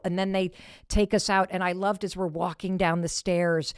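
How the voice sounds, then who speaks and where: Podcast host, woman in her fifties, lively storyteller with a lowish voice, whispered asides, dry close sound. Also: moderate pace, smooth, dry recording. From Michigan. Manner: expressive, drops to whispers for asides, swears casually. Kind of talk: animated personal storytelling.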